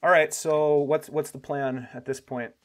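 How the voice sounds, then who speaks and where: A man narrating a tabletop game as game master, relaxed and descriptive with frequent fillers. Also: fairly high pitch, unhurried.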